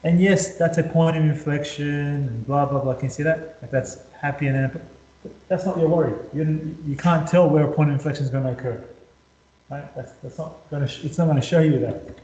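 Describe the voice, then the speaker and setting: A man's voice: fairly high pitch, steady tone, a little fast, mellow. A man tutoring maths in a casual whiteboard lesson, chatty and repetitive, talking students through each step. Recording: roomy echo, slightly dull lo-fi sound.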